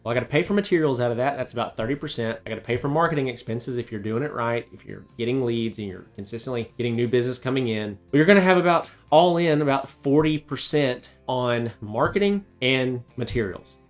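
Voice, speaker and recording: Man, thirties, business coach, emphatic motivational talk, mid-pitched voice, faint music underneath. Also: fast talker, hardly any pauses. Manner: emphatic and motivational, rhetorical questions. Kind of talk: direct-to-camera coaching talk.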